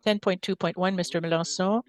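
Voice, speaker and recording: A mayor chairing a city council meeting with brisk procedural calls for motions and votes. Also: mid-range voice, fairly even intonation.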